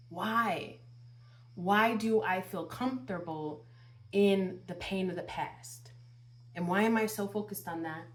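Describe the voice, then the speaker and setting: Slow and mid-range, a woman's voice carries a channeled spiritual guidance monologue. She's a tarot reader speaking earnestly to viewers, repeating phrases and asking rhetorical question upon rhetorical question.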